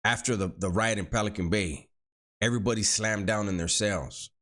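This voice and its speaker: A man's voice: fairly low pitch, normal speed, a bit bright. A middle-aged man telling a story from his past in casual street slang, often repeating words as he goes.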